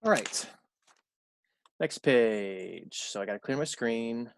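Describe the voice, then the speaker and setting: A male college math instructor gives a recorded lecture in a mid-pitched voice. He talks conversationally, repeats key points and corrects his own slips out loud. The room sound is close and dry. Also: animated, takes it slowly, creaky, clean tone, no echo.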